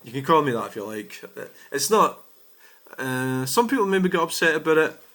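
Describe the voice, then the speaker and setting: A man's voice: a little high, big pitch swings, normal speed, a bit bright. A Scottish man giving blunt, exasperated casual commentary on comments he has received, swearing freely. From Scotland. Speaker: vlogger.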